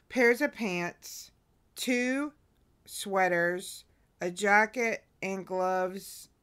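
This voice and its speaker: A woman's voice: fairly low pitch, a bit bright, smooth. A woman co-hosting a morning show, chatting in a friendly, casual way. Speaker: radio show co-host.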